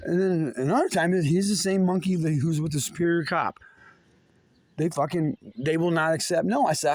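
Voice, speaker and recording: Guy ranting his story, swearing nonstop, kinda high voice, stumbles and restarts. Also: a little mellow, dry recording. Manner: profane, agitated, halting with many restarts. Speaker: vlogger telling his story. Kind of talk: angry rambling monologue.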